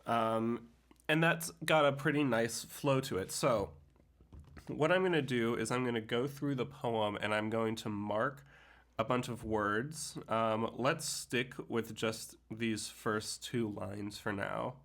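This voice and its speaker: A man teaching how to set a poem to music, thinking aloud with many pauses and fillers, sometimes speaking words slowly in rhythm. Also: medium pitch, fairly bright tone. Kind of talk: screen-share tutorial on setting a poem to music.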